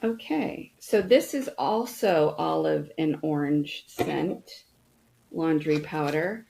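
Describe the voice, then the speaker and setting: A woman's voice: low-pitched, slow pace, gravelly, warm tone, rough recording. A middle-aged woman hosting a casual unboxing chat, talking enthusiastically to her viewers. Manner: chatty, enthusiastic, talks to viewers. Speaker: host reviewing products.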